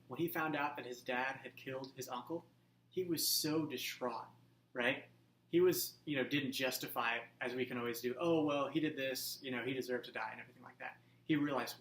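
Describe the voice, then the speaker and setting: A man's voice: medium pitch, fairly bright tone. A young adult man hosting a casual movie review, enthusiastic and chatty with loose fillers. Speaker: host. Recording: echoey room with faint hum.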